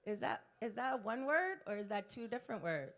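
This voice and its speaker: A woman's voice: on the high side, very animated, brisk, a bit bright. A woman emceeing a poetry slam on stage at a bar, her voice leaping up and down as she ribs the audience. Her banter is brash, teasing and profane, all playful crowd work. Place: live poetry venue in a bar.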